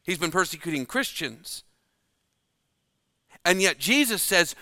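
Guy preaching a sermon real slow and dramatic, goes quiet to hit a point, bright tone. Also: high-pitched, big pitch swings, dry recording, clean studio sound. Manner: slow and dramatic, dropping to a hush for emphasis.

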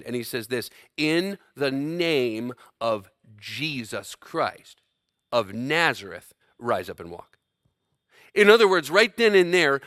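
A man preaching with a bright, forceful voice that sits a little high for a man. His delivery swings from loud, emphatic bursts to hushed, slowed lines. The sound is dry and close, with no room echo. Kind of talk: sermon.

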